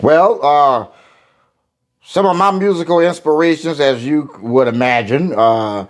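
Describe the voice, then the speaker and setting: A man's voice: fairly high pitch, a little slow. An older man, a singer talking in an interview in a rambling, folksy way with many fillers and restarts.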